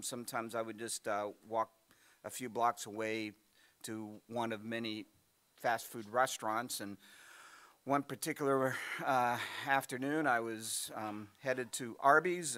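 A middle-aged man preaching a sermon in a conversational, storytelling way, full of fillers and restarts, his voice getting hoarse. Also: mid-range voice, a bit bright. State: losing his voice, clearing throat. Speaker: pastor.

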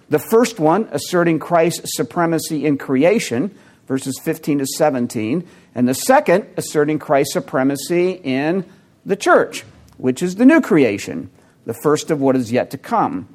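A man's voice: a little high, darkish tone. Man preaching a teaching sermon. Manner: teaching, explains word meanings, addresses congregation with questions; measured, occasional fillers and self-corrections. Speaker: pastor. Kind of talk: expository sermon.

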